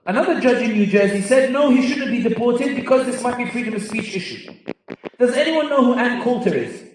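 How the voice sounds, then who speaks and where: Londoner telling stories in an echoey hall. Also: male voice, very high voice, lively intonation, a little hiss or hum. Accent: London English. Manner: humorous storyteller, quick asides. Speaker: speaker. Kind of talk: storytelling talk to a live audience. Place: large convention hall. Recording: echoey hall, mic at a distance.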